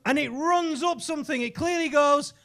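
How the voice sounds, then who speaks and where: An English man doing a stand-up comedy set on a club stage, telling stories full of swearing and shouting out the punchlines. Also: very high voice, moderate pace. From England. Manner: profane, animated storytelling with shouted punchlines.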